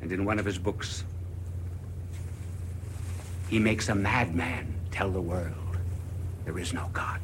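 A man preaching a sermon dramatically, rising to loud declaiming and dropping to whispers. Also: sits low, takes it slowly, pauses often, noisy background.

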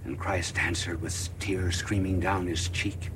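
A man preaching a sermon dramatically, rising to loud declaiming and dropping to whispers. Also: deep voice, steady tone, unhurried, few pauses, noisy background.

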